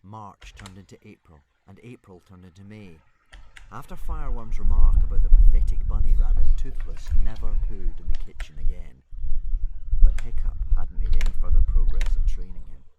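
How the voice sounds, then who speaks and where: A man streamer reading a children's book aloud with expressive storytelling. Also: fairly low pitch, normal speed, heavy background noise. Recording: loud keyboard typing behind.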